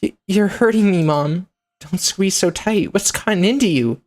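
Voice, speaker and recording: A woman voicing a sweet, cheerful young village girl in a game, speaking brightly and chirpily. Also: mid-range voice, moderate pace, pitched above the performer's own voice, natural voice. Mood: pained.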